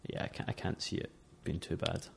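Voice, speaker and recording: A man who is a podcast guest, speaking thoughtfully and haltingly, restarting his sentences often. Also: a little hiss or hum. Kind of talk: casual conversation.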